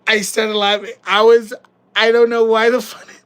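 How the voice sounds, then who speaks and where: A woman's voice: on the high side, flat delivery, moderate pace, fairly bright tone, clean tone, low-quality recording. A woman, hosting a casual livestream and chatting in a giggly, rambling, joking way. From Canada. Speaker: livestream host.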